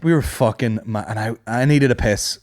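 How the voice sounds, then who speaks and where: A man's voice: medium pitch, normal speed, darkish tone. A man hosting a podcast, telling stories in casual, sweary banter and laughing often. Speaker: podcast host. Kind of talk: casual banter, comic storytelling.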